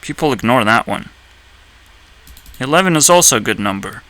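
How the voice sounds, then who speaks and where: A man ranting on a video channel, swearing a lot and breaking into sudden high-pitched outbursts. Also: lively intonation, normal speed, fairly bright tone, no echo, rough recording. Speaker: YouTuber. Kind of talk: ranting commentary.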